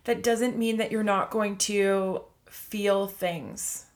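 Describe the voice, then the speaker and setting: A woman's voice: medium pitch, fairly even intonation, slow. A woman hosting her own podcast, talking in an upbeat, chatty, motivational way with lots of "like". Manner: upbeat and chatty, many fillers of "like". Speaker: podcast host. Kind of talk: casual motivational monologue.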